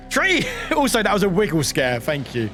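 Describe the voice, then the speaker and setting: A young British man streaming a video game, chatting casually with lively outbursts, jokes and laughter. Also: high-pitched, a little slow, soft background music. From United Kingdom. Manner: animated, laughing, swearing, chatty. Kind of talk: casual gameplay commentary.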